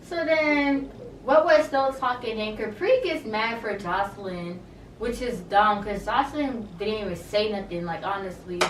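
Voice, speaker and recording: A woman's voice: medium pitch, unhurried, reverberant, recorded from a distance, a little hiss or hum. A woman giving a casual, gossipy recap of a reality show, full of slang and blunt asides.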